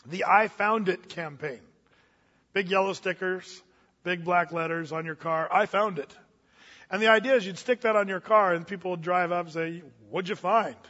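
Here the pastor's voice sits high and has a sharp edge, moving at a normal speed as he preaches casually and folksily, with asides and restarts. The recording, made in a church hall, is dull and echoes with long reverb.

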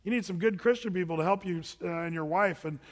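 High-voiced preacher in a reverberant hall. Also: male voice, fast talker. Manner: conversational, acting out imagined dialogues with listeners. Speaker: pastor. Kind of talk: sermon.

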